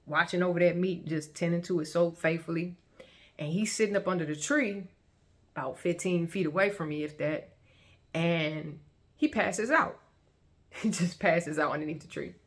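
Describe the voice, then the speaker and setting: A woman's voice: lowish voice, moderate pace. A woman casually telling her own story to viewers in a chatty, colloquial way, often breaking into laughter. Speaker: vlogger sharing her testimony.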